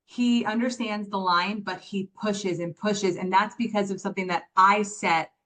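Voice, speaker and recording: A woman's voice: mid-range voice, steady tone, normal speed, fairly bright tone. A woman talking as a guest on a podcast, chatty and candid, often filling with "like" and "right?". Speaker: podcast guest, business founder. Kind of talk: casual podcast conversation.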